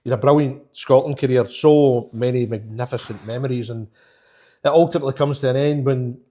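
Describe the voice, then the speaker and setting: A man interviewing a former footballer, asking measured and admiring questions. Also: medium pitch, warm tone. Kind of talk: sports interview.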